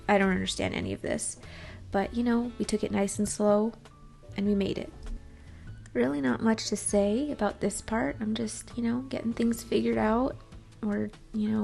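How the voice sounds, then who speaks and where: Woman, casual vlog voice-over, chatty and rambling, vocal fry, faint music underneath. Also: mid-range voice, darkish tone. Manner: chatty, rambling, self-deprecating. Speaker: vlogger.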